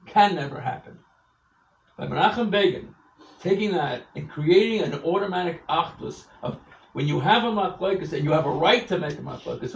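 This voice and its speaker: An older man tells a story to an audience, animated and acting out the people he quotes. His voice sits fairly high and comes from well off the mic in an echoey hall. The sound is a bit dull, with faint room ambience behind it. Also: gravelly, recorded from a distance, a little hiss or hum. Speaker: event speaker. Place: event hall.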